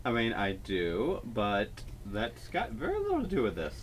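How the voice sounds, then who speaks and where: A man's voice: lowish voice, huge pitch swings, moderate pace. A man co-hosting a let's play in casual chat, teasing and dismissive in a dry way. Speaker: co-host, sibling.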